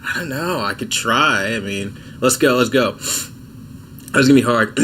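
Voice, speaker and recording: Man, sick, livestream host, chatty, self-mocking, bright voice, faint background noise. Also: medium pitch, measured pace. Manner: laid-back, chatty, self-mocking, laughs often. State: sick, coughing and clearing throat. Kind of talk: casual livestream chat answering viewers. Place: home.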